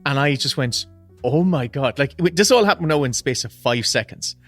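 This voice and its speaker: An Irish man co-hosting a podcast tells a story with lots of energy, laughing and swearing often in a casual chat. His voice is fairly high-pitched with lively intonation and a slightly fast pace. The recording has no echo, with soft music in the background.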